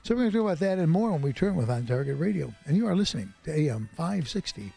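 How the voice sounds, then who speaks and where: A man's voice: on the high side, very animated, rapid-fire, gravelly, dark tone, slightly rough, soft background music. A man hosting a radio talk show, joking and conversational with his guest. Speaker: radio host. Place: radio studio.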